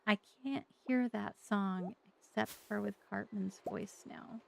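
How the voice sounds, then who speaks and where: Chatty woman with a gravelly edge. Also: mid-range voice, fairly even intonation, slow pace, noisy background. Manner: chatty, joking asides to viewers. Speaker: let's play host. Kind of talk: casual gameplay commentary.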